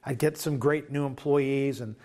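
A man's voice: mid-range voice, fairly even intonation, moderate pace, dark tone. A man preaching a sermon, retelling a story in a loose conversational way and acting out the quoted dialogue. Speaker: pastor.

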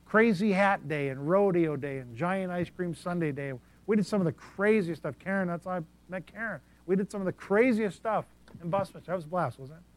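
Telling sermon stories from the pulpit, a male preacher with a somewhat higher-than-average voice moves between quiet asides and loud outbursts. He speaks a little fast with few pauses.

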